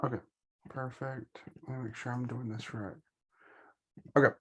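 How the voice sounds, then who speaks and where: A man's voice: medium pitch, little pitch movement, moderate pace, a bit bright, slightly rough, no echo. A man teaching Spanish grammar in an online lesson, explaining slides with many ums and self-corrections.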